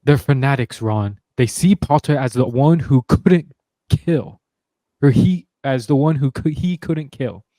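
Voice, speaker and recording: A man's voice: mid-range voice, a little slow, warm tone, no room sound, close to an everyday voice. A man voicing a guarded young male wizard in a curt, matter-of-fact way. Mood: blunt.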